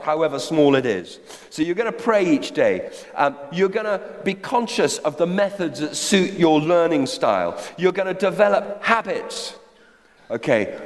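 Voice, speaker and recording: A man preaching a sermon, exhorting his congregation directly with rhetorical questions. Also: high-pitched. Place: church hall. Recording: long reverb of a large hall.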